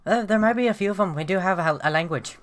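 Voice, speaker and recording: A player voicing a polite, curious young dragon man who asks quick, bemused questions. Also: medium pitch, a little hiss or hum, close to an everyday voice.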